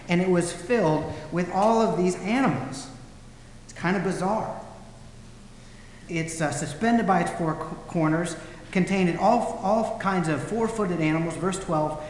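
Conversational preacher in an echoey hall. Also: male voice, on the high side, slight background noise. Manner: conversational storytelling, acts out quotes. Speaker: pastor. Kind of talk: sermon. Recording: echoey hall, faint ambience.

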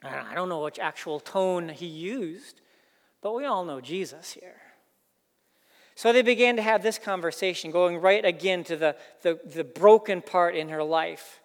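A pastor preaching a sermon, earnest, building emphasis through repeated phrases. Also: male voice, sits high, animated, measured pace, in a large hall.

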